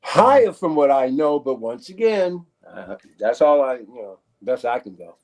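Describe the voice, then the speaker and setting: A man's voice: medium pitch, expressive, normal speed, mellow. A man in a casual chat, loose and joking.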